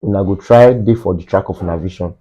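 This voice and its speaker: A man's voice: deep voice, fast, warm tone, slightly rough, dull audio. Emphatic Nigerian man in casual chat. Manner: emphatic, mixes in Nigerian Pidgin.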